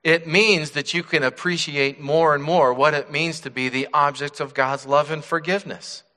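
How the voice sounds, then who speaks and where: A middle-aged male pastor preaching a sermon, dropping to soft hushed tones and then rising with emphasis. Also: fairly high pitch, fairly even intonation, normal speed. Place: church sanctuary. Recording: church hall reverb.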